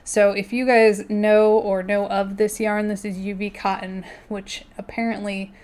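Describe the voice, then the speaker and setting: A woman's voice: mid-range voice, level tone, unhurried, darkish tone. A woman hosting her knitting video at home, chatting casually and laughing often as she shows her work. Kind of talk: casual chat. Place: indoors at home.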